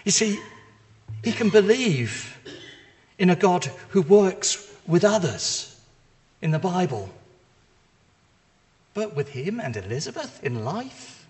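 A man preaching a sermon, retelling a story in a lively, conversational way with casual asides. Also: high voice, slow, pauses often. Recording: long reverb of a large hall.

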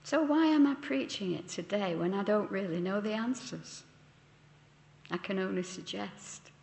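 Woman preacher, unhurried sermon delivery, asks questions of her listeners, roomy hall with a long echo. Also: mid-range voice, vocal fry, a little mellow. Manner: slow, deliberate, posing questions to listeners. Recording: echoey church hall with long reverb.

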